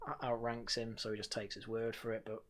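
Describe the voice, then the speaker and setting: A man's voice: medium pitch, flat delivery, a little fast, fairly bright tone. Sarcastic man hosting a review stream. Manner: sarcastic, frequent fillers and sighs, mocks by quoting. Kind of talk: casual sardonic review chat.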